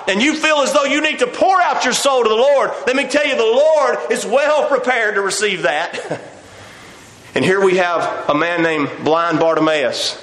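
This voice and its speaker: A man's voice: sits high, normal speed, fairly bright tone, reverberant. A man preaching a sermon with fervor, acting out voices and laughing now and then. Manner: fervent preaching, acts out quoted voices, laughs often.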